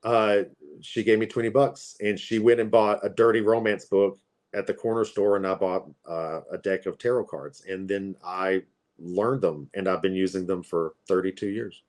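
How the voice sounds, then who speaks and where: Speaking low-pitched and steady, a little mellow and at normal speed, this Appalachian tarot reader in his forties rambles through casual stories. He's chatty and uses many fillers.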